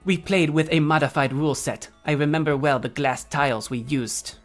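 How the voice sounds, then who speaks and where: A man's voice: a little high, normal speed, faint music behind, lightly acted. A man voicing a haughty, elegant young woman gambler, reading game dialogue in a bogus put-on French accent with a lofty, self-satisfied manner.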